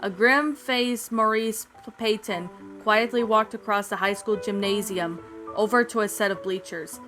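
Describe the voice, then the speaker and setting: A woman reading a fan-written story aloud in a steady, even voice. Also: medium pitch, normal speed. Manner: steady, even narration with small slips. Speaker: fan fiction reader. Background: soft background music.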